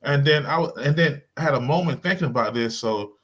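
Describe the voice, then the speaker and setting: Animated man retelling a story. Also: medium pitch, a little fast. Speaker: panel co-host. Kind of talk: casual panel chat.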